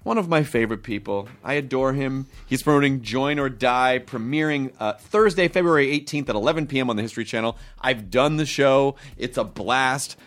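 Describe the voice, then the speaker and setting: A man hosting a podcast in casual comedic chat, animated and swearing, laughing often. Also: medium pitch, fairly quick, few pauses. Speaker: podcast host.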